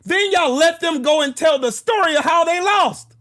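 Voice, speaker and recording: Hosting his own political channel, a man rants with a piercing, unusually high voice that sounds bright and sharp. His intonation is lively and his speed normal, yet he keeps swearing and breaking into shouts. It's a relentless, combative, confrontational tirade.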